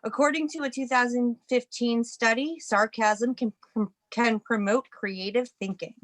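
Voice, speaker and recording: A woman speaking on a town meeting video call, her voice a bit high. She shares a fun fact with a playful tone. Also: fairly even intonation, measured pace. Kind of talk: casual remarks at a meeting.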